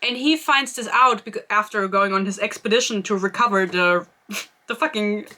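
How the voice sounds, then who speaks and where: A woman's voice: mid-range voice, normal speed, sharp tone. A young woman giving a rambling, sarcastic book review in a casual vlog, swearing freely.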